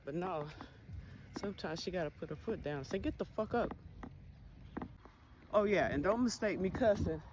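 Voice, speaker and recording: A woman's voice: on the low side, lively intonation, fairly quick. A woman giving a candid personal monologue, blunt and full of cursing as she talks about faith. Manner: blunt, heavy cursing, spiritual talk. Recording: noisy background hiss.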